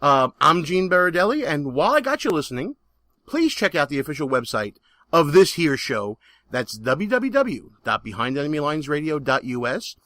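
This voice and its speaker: A man's voice: on the high side, big pitch swings, moderate pace, sharp tone, no room sound. A man with a Brooklyn accent hosting a political talk radio show, brash and jokey as he plugs the show.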